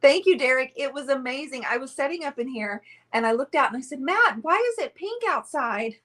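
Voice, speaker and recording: A woman's voice: high-pitched, animated, fairly quick, a bit bright. A woman hosting a casual live painting stream, talking chattily and rambling to viewers while she sits close to the camera at a table indoors. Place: indoors at a table, away from usual setup.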